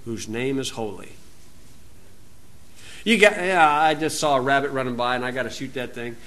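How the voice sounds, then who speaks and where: A man's voice: medium pitch, moderate pace, fairly bright tone. A man with an American accent giving an informal, folksy Bible teaching outdoors, wandering into asides and rising to emphatic preaching.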